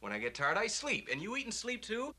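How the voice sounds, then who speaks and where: An actor playing a young lawyer husband in a 1960s film comedy, dry and teasing. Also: male voice, high-pitched, huge pitch swings, fairly quick, sharp tone, exaggerated voice. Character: dry, unflappable young newlywed lawyer, man.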